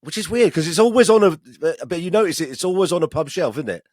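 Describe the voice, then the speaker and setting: A man's voice: sits high, animated, quick pace, a little mellow, dry recording, studio quality. A man co-hosting a podcast, telling rambling stories with frequent laughs and restarts. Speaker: podcast co-host. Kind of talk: casual banter.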